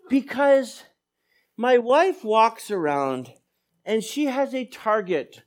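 Animated high-voiced male preacher. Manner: animated storytelling with quoted dialogue. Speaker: pastor. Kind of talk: sermon.

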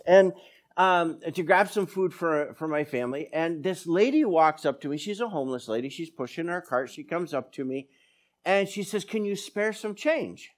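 Pastor guy preaching, pretty high voice that jumps all over, jokes at his own expense. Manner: animated, self-deprecating humor. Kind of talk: sermon with personal anecdotes.

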